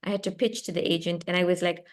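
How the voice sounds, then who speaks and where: A woman's voice: fairly low pitch, quick pace. A young woman from South Africa with a South African accent, an author animatedly telling a story on a video call, laughing often and restarting her sentences. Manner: animated, laughing, lively and expressive, with self-interruptions. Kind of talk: storytelling in a book club chat. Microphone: computer mic on a video call.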